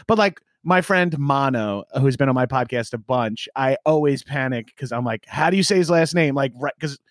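A man's voice: medium pitch, normal speed, no room sound, clean studio sound. A comedian in his late thirties from Long Island, rambling and joking in a casual podcast chat and acting out quoted voices with laughs. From Long Island, New York. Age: 30s. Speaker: comedian guest.

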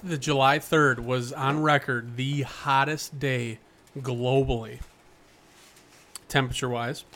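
A man's voice: medium pitch, fairly even intonation, slow pace, fairly bright tone, slight background noise. A man hosting a podcast in casual chat, joking and swearing freely. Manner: joking and profane. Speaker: podcast host.

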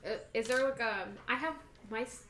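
A woman's voice: a little high, normal speed. A woman playing in a casual tabletop game, hesitant and casual. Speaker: player. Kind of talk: casual tabletop role-play. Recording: echoey room with chatter behind.

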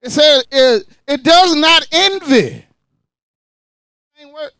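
Preacher man, high voice jumping all over, hollers then drops low, dry close sound. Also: lively intonation, slow, no echo. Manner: call-and-response preaching, swings between shouting and low asides. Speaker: pastor. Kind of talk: sermon.

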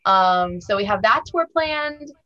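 A woman's voice: medium pitch, lively intonation, a little slow, bright, forceful tone. A woman guest from a band, chatting casually and upbeat in a podcast interview. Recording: dull lo-fi audio.

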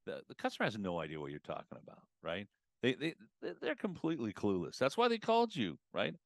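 A man talking as a guest on a podcast about customer communication, casual and animated, acting out customer conversations. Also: on the low side, fast, creaky, dry recording, studio quality. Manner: animated, acts out customer and advisor exchanges. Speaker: automotive business consultant guest.

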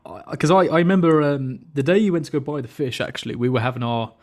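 A man's voice: a little high, lively intonation, quick pace, a little mellow. A young British man hosting a casual podcast chat, telling stories and teasing his guest with lots of laughter. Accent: British English. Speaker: podcast host.

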